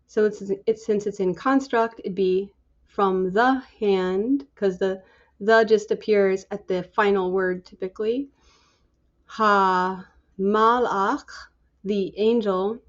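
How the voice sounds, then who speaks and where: A woman leading a Bible study, slowly working through scripture word by word in a halting, musing, tentative way. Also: mid-range voice, muffled recording.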